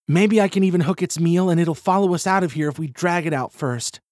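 A man voicing a calm, steady young woman who speaks soothingly. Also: fairly low pitch, fairly quick, dry recording, studio quality, voice pushed up, close to an everyday voice.

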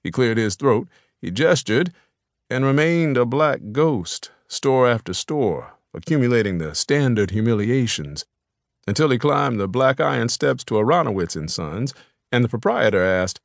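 A man narrating an audiobook in a measured, even storytelling manner. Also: medium pitch, vocal fry, dry recording, studio quality. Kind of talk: scripted narration.

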